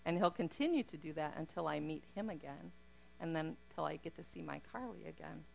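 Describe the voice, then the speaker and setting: A middle-aged woman shares her faith testimony in an earnest, heartfelt way. Her voice sits low and has a gravelly edge. A faint hum runs underneath. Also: lively intonation, a little fast, low-quality recording. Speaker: speaker giving a testimony.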